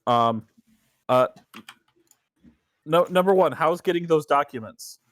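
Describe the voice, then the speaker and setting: A man's voice: a little high, slow, no echo. A man co-hosting a podcast, chatting in an offhand, meandering way and swearing casually. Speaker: podcast co-host.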